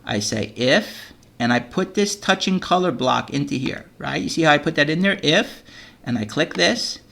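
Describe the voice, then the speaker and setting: A man's voice: fairly high pitch, animated, moderate pace, vocal fry, pushed and bright. A man teaching a children's coding lesson over a screen recording, explaining step by step and checking in with "okay?" as he goes.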